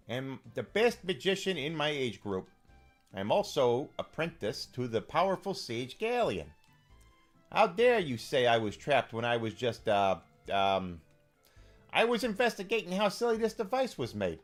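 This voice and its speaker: A man's voice: fairly high pitch, voice pushed up. A boastful young wizard, as a man raises his voice to play him in a game, speaking indignantly. He brags about his rank and scoffs at country manners. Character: proud young male mage, touchy and boastful.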